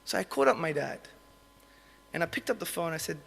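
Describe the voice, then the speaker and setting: A man giving an impassioned religious talk to an audience in a lecture hall, moving between urgent emphasis and soft, emotional tones. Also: on the high side, animated, fast talker, vocal fry. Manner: passionate, emotional, drops to soft intimate tones. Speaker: Islamic speaker. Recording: long hall reverb.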